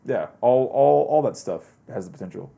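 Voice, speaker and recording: A man's voice: mid-range voice, animated, moderate pace, gravelly, warm tone. A man as a podcast guest, talking in a loose, meandering conversational way. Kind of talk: casual conversation.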